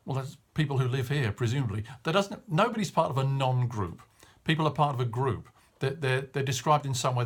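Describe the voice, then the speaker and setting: A middle-aged man giving a short coaching tip on public speaking, talking in a clear, measured way and stressing key words. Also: mid-range voice. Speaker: media coach.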